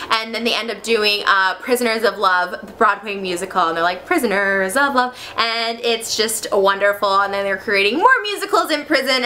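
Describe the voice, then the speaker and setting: Brief: twenties female vlogger, high bright voice, animated recap with impressions. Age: 20s. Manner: animated, slips into character voices and sung bits. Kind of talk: casual movie recap.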